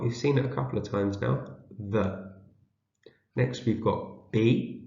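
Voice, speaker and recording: A man teaching young children to read, sounding out each word slowly and repeating it so they can follow along. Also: mid-range voice, creaky. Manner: reads word by word, repeating each word for learners to echo. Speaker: teacher leading a shared reading. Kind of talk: slow, patient read-aloud lesson for young children. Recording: dull, roomy home video.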